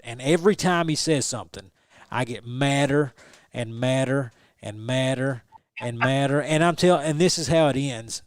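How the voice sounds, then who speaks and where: A young adult man, a guest telling a story in an animated, restarting way. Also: medium pitch, no echo, studio quality. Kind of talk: casual storytelling interview.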